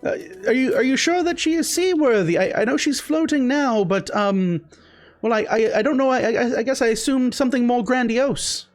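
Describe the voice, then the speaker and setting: A man putting on a high, stammering voice for a fussy, eager merchant in a tabletop game. He trips over his words and gushes, his pitch pushed far up. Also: lively intonation, normal speed, faint music behind. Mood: flustered.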